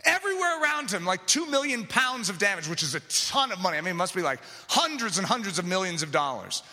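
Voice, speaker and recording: A man preaching a sermon, impassioned and building to shouted lines. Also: high voice, sing-song, fast. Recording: reverberant hall.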